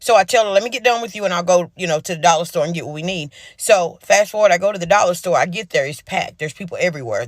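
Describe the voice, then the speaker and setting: A man with a drawl tells a story at a quick clip, talking straight to his listeners. His voice sits a touch high for a man, and the recording is close and dry, with no room sound. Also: a bit bright, no room sound. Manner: chatty, direct, talks to the audience. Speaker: caregiver. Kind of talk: casual storytelling to camera.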